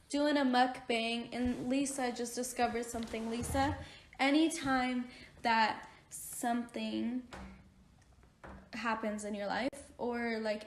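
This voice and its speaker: There's slight background noise as this young woman, a mukbang vlogger with a voice on the high side, eats and talks. She gives earnest, rambling motivational chatter full of "like", recorded from afar in a room with echo.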